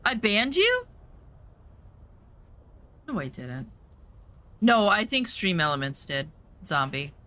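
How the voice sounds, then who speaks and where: A woman's voice: medium pitch, slow, pauses often. A woman streamer chats casually over her gameplay. She is blunt and swears freely, and she acts out the voices of the people in her story. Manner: animated storytelling, acts out quotes.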